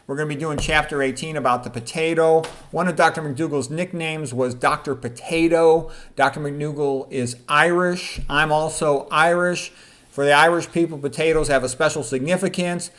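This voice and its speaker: A man's voice: a little high, fairly even intonation, normal speed, fairly bright tone. A male doctor reading aloud from his own book in a casual way, with spoken asides to the listener. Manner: chatty, asks listeners "okay?" and "all right?".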